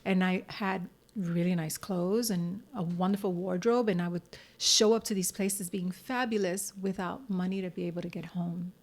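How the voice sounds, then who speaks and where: A woman's voice: on the low side, fairly even intonation, normal speed. An American woman, a singer-songwriter and actress, telling her story candidly in a casual interview and acting out the voices of people she quotes.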